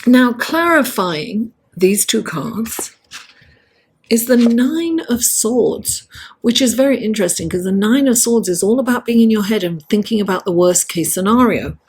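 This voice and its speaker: A woman giving a chatty, encouraging tarot reading straight to her viewers, laughing often and speaking in a lively, motivational way. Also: mid-range voice, slightly rough. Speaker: astrology and tarot reader. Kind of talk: casual tarot reading to camera.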